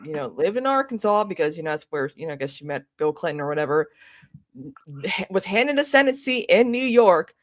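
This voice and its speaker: Lively woman chatting on a podcast. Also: fairly low pitch, a little fast, dry recording. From American South. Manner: expressive, animated storytelling. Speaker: podcast co-host. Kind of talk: casual political chat.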